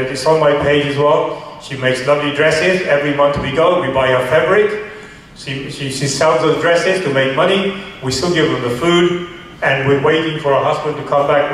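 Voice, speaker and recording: A man's voice: fairly high pitch, fairly bright tone. Earnest man telling a story in an echoey room. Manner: earnest, halting, with many restarts. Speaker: charity founder guest. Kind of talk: storytelling in a radio interview. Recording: echoey room, far from mic, faint hiss.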